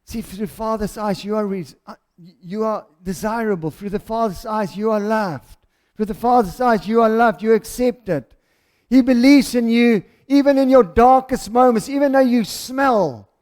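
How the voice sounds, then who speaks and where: A man's voice: sits high, normal speed, darkish tone. A South African man preaching a passionate, storytelling sermon as pastor.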